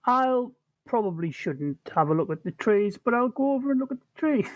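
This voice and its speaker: A woman's voice: a little high, big pitch swings, normal speed, no echo. A woman playing a tabletop game, chatty and playful. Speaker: player.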